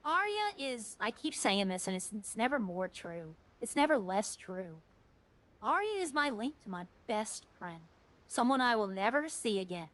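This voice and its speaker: Woman, streamer, slightly high-pitched, casual rambling chat, frequent restarts, earnest. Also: very animated, normal speed, fairly bright tone, low-quality recording. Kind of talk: casual chat while playing a game.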